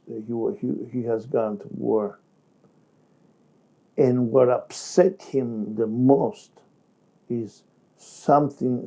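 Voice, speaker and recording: A man coaching actors, talking in a halting way with restarts and slightly broken phrasing. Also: mid-range voice, dark tone. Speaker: acting coach. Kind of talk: instructional talk to camera.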